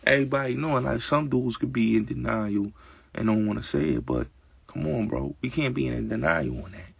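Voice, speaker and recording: A man's voice: mid-range voice, animated, a little fast, no echo. A man hosting his own show, talking in a casual, emphatic and streetwise way and repeating his points with lots of fillers. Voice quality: gravelly, raspy voice. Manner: emphatic, repetitive, streetwise talk. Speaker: show host. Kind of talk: casual opinionated monologue.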